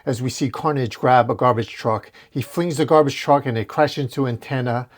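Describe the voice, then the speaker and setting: A man narrating a comic book recap at a middle pitch for a man. He tells the story plainly and breaks off for casual, wry commentary. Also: moderate pace.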